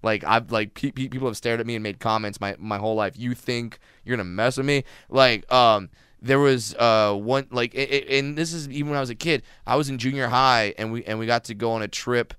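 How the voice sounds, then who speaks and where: A man, a comedian guest, telling stories in a casual interview, animated and laughing, acting out other people's voices. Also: mid-range voice, brisk, clean tone, dry recording, studio quality.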